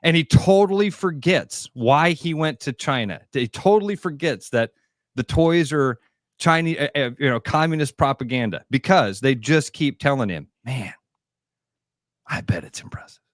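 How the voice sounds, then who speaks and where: A middle-aged man co-hosting a radio sports talk show in casual banter, animated and sometimes slipping into comic voices when he retells a story. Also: a little high, normal speed, dry recording, studio quality. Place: radio studio.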